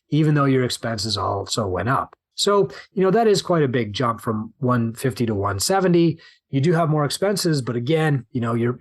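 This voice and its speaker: A man hosting a business podcast, talking animatedly and acting out worried inner monologues. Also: medium pitch. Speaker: podcast host and gym business coach. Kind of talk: solo business podcast talk.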